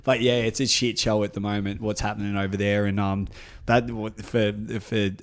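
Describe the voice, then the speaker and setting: A man's voice: fairly low pitch, normal speed, clear, resonant tone. A man co-hosting a casual podcast, telling a story with lots of swearing and laughter. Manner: animated, swearing, laughs through his story. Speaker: podcast co-host.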